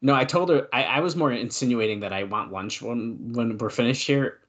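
A young adult man co-hosting a casual wrestling watch-along podcast, excitedly calling the moves and chatting between them. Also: mid-range voice, normal speed. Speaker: podcast co-host.

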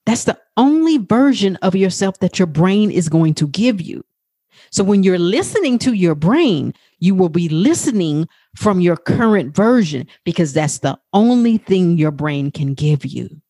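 Woman podcast coach, husky and dry-sounding, swings widely in pitch, slow and swearing freely. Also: no echo. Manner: animated, profane, acts out quoted talk in a high voice. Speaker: life coach and podcast host. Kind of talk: motivational podcast monologue.

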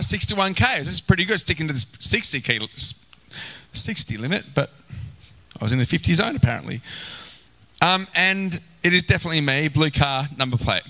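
A male pastor preaching a sermon, animated, acting out inner voices and exclaiming. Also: fairly high pitch, rough recording.

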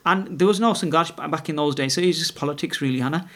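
Fast-talking man telling stories. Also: a little high, fairly bright tone. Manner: rambling, many restarts and tag questions. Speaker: podcast guest. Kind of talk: casual conversational storytelling.

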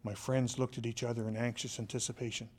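A man who is a motivational speaker, telling a scripted story in an expressive, dramatic way. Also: mid-range voice, fast. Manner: expressive, dramatic, with shifting loudness.

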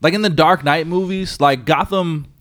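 A young man co-hosting a casual movie review chat, animated and swearing a lot, often mimicking voices. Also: a little high, normal speed, no echo, clean studio sound. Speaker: podcast co-host.

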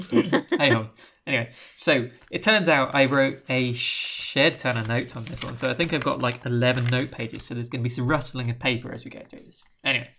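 A man's voice: medium pitch, brisk, vocal fry, slight background noise. Rambling jokey man recapping a film. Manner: rambling, jokey, animated retelling. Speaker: podcast host. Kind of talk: casual film recap chat.

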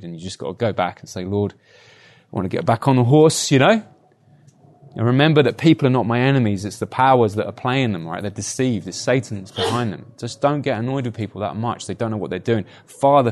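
A man giving a conversational sermon, telling personal stories and often adding tag questions like "right?". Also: on the low side. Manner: chatty, anecdotal, frequent tag questions. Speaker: preacher.

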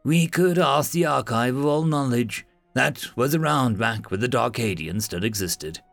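A man's voice: mid-range voice, animated, a little slow, vocal fry, fairly bright tone, no echo, faint music behind. A man voicing a nervous little blue lizard alien scholar who gets defensive and fussy, talking in an audiobook-style story.

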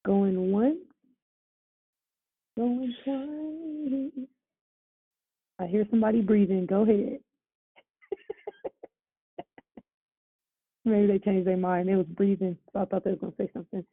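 A woman hosting a prayer line call, talking fast and affirming the callers. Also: medium pitch, little pitch movement, vocal fry, husky. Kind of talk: casual faith call sharing. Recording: tinny phone line.

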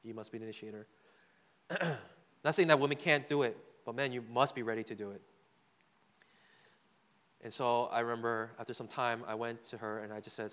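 A man's voice: mid-range voice, steady tone, brisk, pauses often, fairly bright tone. Man preaching in a reverberant hall. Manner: loose, conversational, repeats words, asks the crowd "right?". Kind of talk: sermon with a personal story.

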